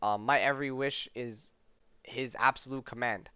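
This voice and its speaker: A man's voice: medium pitch, steady tone, normal speed, bright, forceful tone, clean tone, dry recording, lightly acted. A man voicing a scheming male villain puppeteer as he reads a comic aloud, in a dull, dry recording. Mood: gloating.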